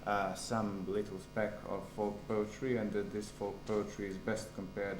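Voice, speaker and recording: Hesitant low-voiced man in an echoey room. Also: flat delivery, normal speed, few pauses, background noise. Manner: hesitant, frequent fillers. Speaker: PhD candidate defending a thesis. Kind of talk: formal academic answer.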